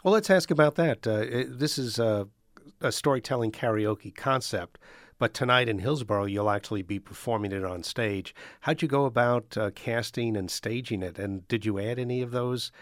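A man hosting a radio news interview in a studio, friendly and quick to laugh. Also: medium pitch, no room sound. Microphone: studio microphone.

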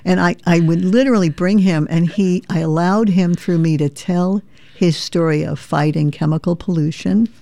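A New York woman, an earnest and reflective memoir author and performer, reads from her memoir and then chats casually as an interview guest. Her fairly low voice is creaky and mellow, with fairly even intonation and a moderate pace. There is no room sound.

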